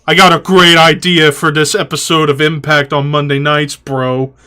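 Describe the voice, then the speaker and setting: A man's voice: a little high, flat delivery, normal speed, sharp tone, smooth, voice pushed down. A man mocking a pushy, brash wrestling booker. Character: brash male wrestling booker pitching ideas, calls everyone bro. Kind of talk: mocking impression in a podcast.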